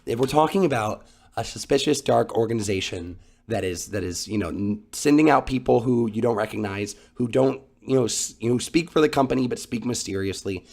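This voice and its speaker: A man co-hosts a podcast, agreeing eagerly and rambling through his thoughts. His mid-pitched voice carries a gravelly fry. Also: animated, fairly quick, darkish tone. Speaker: podcast co-host. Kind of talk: casual chat.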